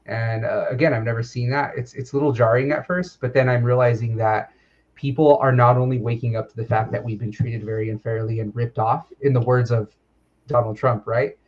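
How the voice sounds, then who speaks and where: A man's voice: medium pitch, fairly even intonation, fairly quick. A man speaking as a podcast host, earnest and reflective, thinking aloud as he talks. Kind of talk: reflective conversational talk. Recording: dull, lo-fi sound.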